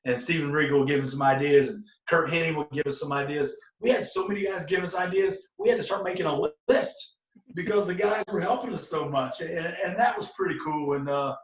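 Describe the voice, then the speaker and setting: Middle-aged man, higher-pitched voice, lively storyteller, sits back from the mic, roomy sound. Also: a little fast, recorded from a distance. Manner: animated, acts out quoted voices, bursts into loud exclamations. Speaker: interview guest, former pro wrestler. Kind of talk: casual anecdotal storytelling.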